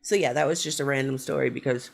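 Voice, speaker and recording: A woman's voice: very deep voice, quick pace, gravelly. A middle-aged woman ranting casually on her horror vlog, sarcastic and profane as she tells stories. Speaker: horror vlogger. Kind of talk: casual rant.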